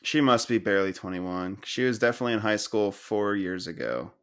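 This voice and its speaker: A man's voice: lowish voice, expressive, brisk. A man co-hosting a podcast in casual chat about a film, laughing often and correcting plot details. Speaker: podcast co-host.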